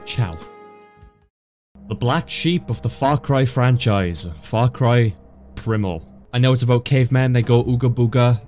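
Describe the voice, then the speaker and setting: A man casually commentating his own gameplay, joking around and swearing often in excited reactions. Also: mid-range voice, measured pace, pauses often, soft background music. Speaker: gaming YouTuber. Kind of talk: casual let's play commentary.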